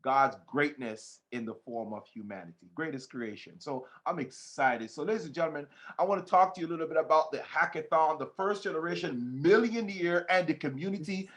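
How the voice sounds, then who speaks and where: A man hosting a podcast, talking like a preacher, fervent and swinging between shouts and hushed lines. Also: a little high, a little fast, few pauses. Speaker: podcast host. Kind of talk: preaching-style podcast talk.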